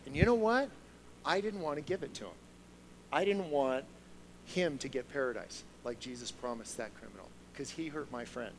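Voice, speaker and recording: A man giving a sermon through personal stories, moving from hushed storytelling to loud, excited preaching before a congregation. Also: mid-range voice, slight background noise, low-quality recording. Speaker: lay speaker. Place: church sanctuary with a congregation.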